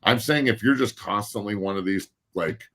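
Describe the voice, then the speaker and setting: A man's voice: on the low side, moderate pace, a bit bright. A man speaking as a guest panelist in a heated, casual debate, blunt and profane as he rants.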